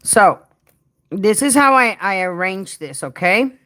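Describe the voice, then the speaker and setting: Through a head-mounted mic, this woman runs a relaxed livestream aimed at home care workers. Her medium-pitched voice is expressive and fairly bright, and she keeps a measured pace while she rambles chattily, addressing viewers directly and tossing in fond asides.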